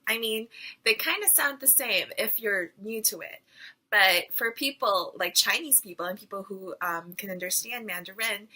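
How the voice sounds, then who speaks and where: A woman's voice: mid-range voice, pushed and bright, rough recording. A woman giving a casual Mandarin pronunciation lesson, chatty and full of fillers, sounding out syllables as she goes. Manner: chatty, lots of fillers, demonstrates tones aloud. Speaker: Mandarin teacher.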